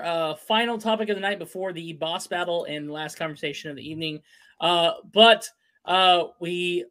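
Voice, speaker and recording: A man's voice: high-pitched, sharp tone. A man hosting a casual sports and gaming talk show, upbeat and rattling off lists of scores and stats. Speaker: host.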